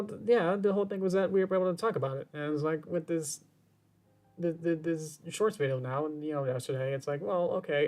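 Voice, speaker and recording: A man's voice: fairly high pitch, a little mellow. A man game streamer talking casually on his stream, rambling and circling back, often repeating his words as he goes.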